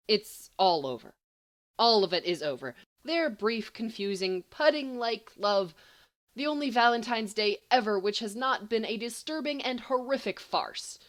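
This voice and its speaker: A woman narrating a comic romance story in an expressive, playful amateur audiobook reading. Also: mid-range voice. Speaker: podfic reader.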